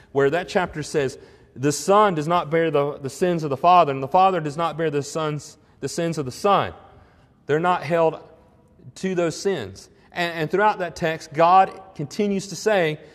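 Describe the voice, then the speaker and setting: Preaching man in a reverberant hall. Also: on the high side. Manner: earnest, conversational preaching with emphatic swells. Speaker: pastor. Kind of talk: sermon.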